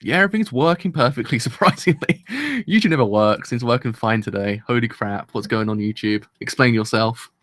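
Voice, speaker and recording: A man's voice: medium pitch, brisk, fairly bright tone, dry recording, clean studio sound. A man hosting a live anime reaction, talking in a rambling, chatty and self-deprecating way and laughing often.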